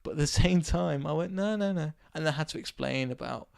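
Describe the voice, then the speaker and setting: A man from England, hosting a casual solo podcast and telling a rambling story while his voice is going hoarse. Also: fairly high pitch, fairly quick, no room sound, studio quality. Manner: rambling, animated anecdote with acted quotes. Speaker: podcast host.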